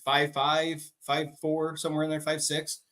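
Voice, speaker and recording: A man's voice: a little high, monotone, normal speed, a bit bright. A man co-hosting a casual farm podcast, telling a story animatedly and acting out quotes. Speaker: podcast co-host.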